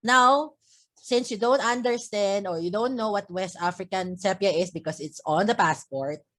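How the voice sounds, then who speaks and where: A woman's voice: medium pitch, normal speed, fairly bright tone. A woman teacher talking through a poem in class, often checking in with "okay?" and repeating herself as she explains. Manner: checks understanding with frequent "okay?"; restarts and repeats words while explaining. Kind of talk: literature lesson explaining a poem.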